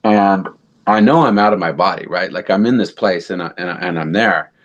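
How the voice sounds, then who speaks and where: Deep voiced guy on a podcast, rambling story full of "like" and "you know", acts out what people said. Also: a little fast, dull audio. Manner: animated storyteller, acts out quotes, many fillers. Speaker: podcast guest. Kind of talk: casual storytelling.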